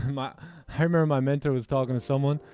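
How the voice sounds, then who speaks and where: Male stream host, mellow tone, chatty motivational storyteller, faint music bed. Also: mid-range voice, fast talker. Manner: animated storyteller, repeats "right?" and "man". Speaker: trading livestream host. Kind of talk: casual motivational chat.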